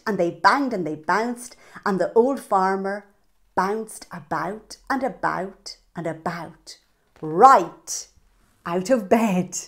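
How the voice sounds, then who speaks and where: A woman reading a picture book aloud to young children, animated and sing-song, pointing out the pictures as she goes. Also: mid-range voice. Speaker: children's storyteller.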